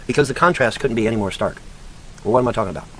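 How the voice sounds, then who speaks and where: Over slight background noise, a man with a mid-range voice fires off words rapidly. The online commentator delivers a profane, angry tirade, lecturing mockingly like a sarcastic teacher and hurling insults at a woman he names.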